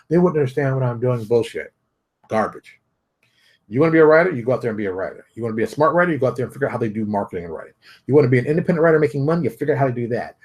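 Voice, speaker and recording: A man's voice: mid-range voice, breathy edge. A man hosting his own show, ranting bluntly and repeating himself as he mocks others. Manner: brash, repetitive, mocking put-on voices. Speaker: show host. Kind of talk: blunt motivational rant.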